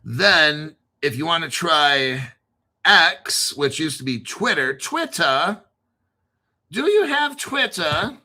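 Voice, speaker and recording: A man's voice: a little high, very animated, takes it slowly, pushed and bright. A man hosting a casual crypto livestream, rambling through long lists of names and swearing freely as he chats with viewers. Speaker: crypto show host.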